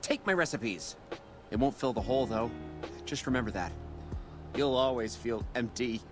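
A man's voice: mid-range voice, moderate pace, natural voice. A man voicing a foul-mouthed arrogant celebrity chef. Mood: bitter. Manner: abusive, yelling, profane. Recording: game audio under background music.

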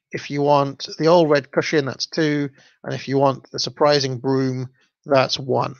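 A man hosts a livestream, reading stories aloud and breaking off to chat in a hesitant, easygoing way. His voice has a gravelly edge. The audio is dull and dry. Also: on the high side, no room sound. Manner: chatty, hesitant, with fillers and laughs. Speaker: channel host. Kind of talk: livestream story reading with commentary.

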